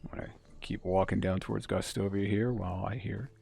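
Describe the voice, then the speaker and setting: A man's voice: on the low side, fairly even intonation, a little fast, gravelly, warm tone, slightly rough, faint music behind. A man giving chatty, musing commentary as he streams a game. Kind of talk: casual gameplay commentary.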